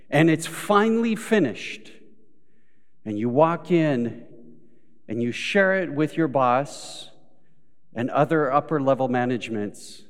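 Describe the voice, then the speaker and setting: Unhurried male pastor in a reverberant church. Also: on the high side. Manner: storytelling with acted quotes, rising to emphatic peaks. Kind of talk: sermon. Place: church sanctuary. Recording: live church recording with long hall reverb.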